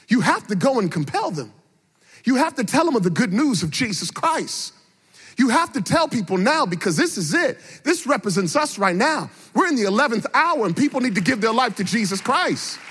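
A middle-aged male preacher with a rather high, faintly husky voice gives a very animated sermon at a moderate pace. He shifts between quiet storytelling and fervent exhortation that nearly becomes song, driving his key phrases home through repetition, all under a long hall reverb.

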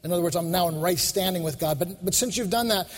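Man, preacher, fervent sermon, addresses crowd, high pitch, echoing hall. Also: quick pace. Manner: fervent, repetitive, talks to the crowd. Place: large venue with a crowd. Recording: long hall reverb.

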